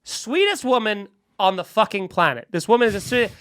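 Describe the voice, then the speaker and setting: A man, a comedian and podcast host, telling a profane, animated story and acting out the other voices. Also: high-pitched, brisk, clear, resonant tone. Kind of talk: comic storytelling.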